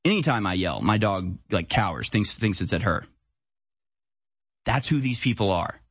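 Husky-voiced man ranting on a stream. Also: lowish voice, animated, normal speed, fairly bright tone, dry recording. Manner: blunt, conversational, heated. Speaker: political commentary host. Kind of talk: live-stream political commentary.

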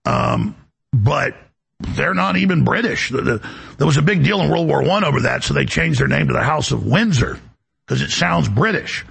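A man's voice: on the high side, animated, moderate pace, gravelly, fairly bright tone, slightly rough. A male talk show host delivering an emphatic, rambling political monologue, often repeating words as he goes.

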